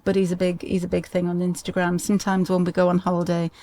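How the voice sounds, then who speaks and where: Chatty middle-aged woman, lower voice. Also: completely flat delivery, fast, dark tone. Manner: chatty, laughing storyteller with frequent restarts. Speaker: podcast guest. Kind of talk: casual interview chat.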